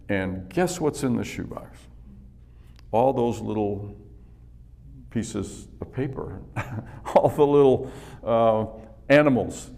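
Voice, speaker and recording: A man's voice: mid-range voice, creaky. A man giving a motivational talk to a business audience, telling personal stories in a conversational way and chuckling often. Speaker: speaker addressing a business group. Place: business event venue.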